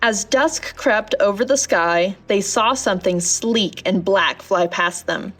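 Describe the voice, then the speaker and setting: A woman narrating a children's storybook in a gentle, measured reading voice. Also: medium pitch, soft background music.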